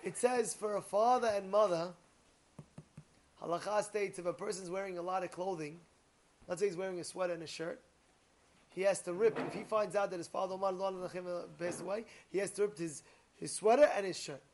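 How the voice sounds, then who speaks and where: A man giving an animated sermon, telling stories and rising to near-shouts. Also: high-pitched, a little fast, a little hiss or hum. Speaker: rabbi teaching Torah.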